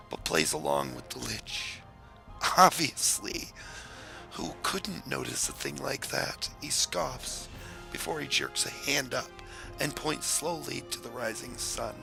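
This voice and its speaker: A man reading out a fantasy role-play story in an unhurried, theatrical way. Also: mid-range voice, gravelly.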